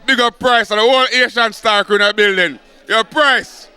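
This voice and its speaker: A man with a Jamaican accent giving energetic shout-outs to a party crew. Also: extremely high pitch, normal speed.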